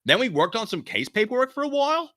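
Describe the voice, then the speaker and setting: Shaken young secretary guy done by a man, high strained voice, halting, confused. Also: wildly swooping pitch, bright, forceful tone, heavily acted.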